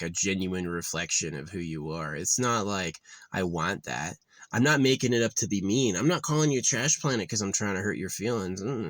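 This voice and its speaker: A man's voice: deep voice, no echo. A man talking straight to the camera in a casual, rambling vlog, profane and easily heated. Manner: profane, rambling, gets loud and heated when ranting. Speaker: vlogger.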